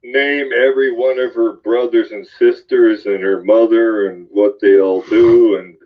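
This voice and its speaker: A man in an offhand political chat, halting and filling gaps with ums and uhs, cursing freely. His voice sits somewhat low. The recording is dull and lo-fi. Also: fairly even intonation, slight background noise. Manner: halting, full of ums and uhs, swears casually. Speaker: podcast co-host. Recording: dull lo-fi sound.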